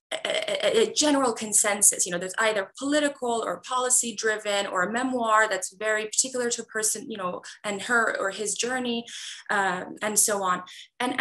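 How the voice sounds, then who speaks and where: A woman's voice: medium pitch, fairly bright tone, poor audio. A woman who grew up in Iran, an author answering interview questions earnestly, with many fillers and restarts. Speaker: author guest.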